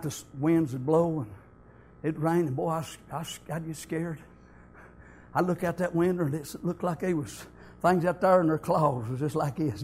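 A male preacher, telling stories in a fervent sermon that builds to impassioned shouting. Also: a little high, slightly rough.

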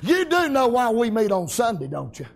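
High-voiced hollering preacher man. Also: huge pitch swings, moderate pace, creaky. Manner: hollering, exuberant Southern-style preaching with shouted amens. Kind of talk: revival sermon.

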